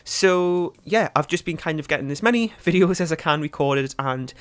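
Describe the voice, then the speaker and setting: A young British man talks his viewers through a game build in a loose, rambling way, full of ums and likes. His voice sits a little higher than most men's. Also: expressive, normal speed, smooth. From United Kingdom. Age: young adult. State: out of breath. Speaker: gaming YouTuber. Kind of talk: casual commentary over a speed build.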